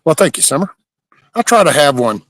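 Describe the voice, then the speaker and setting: A man's voice: a little high, very animated, brisk, fairly bright tone, no room sound. Laid-back man with a dry close sound. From Southeast Texas. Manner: laid-back, folksy and profane, joking with chat. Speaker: livestream host. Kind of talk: casual chat reading viewer comments.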